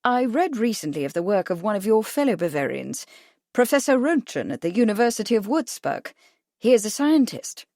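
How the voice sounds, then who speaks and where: A calm, thoughtful English lord, read by a woman narrator in an audiobook. The voice stays at an ordinary pitch. The sound is dry and close. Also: fairly quick, dry recording.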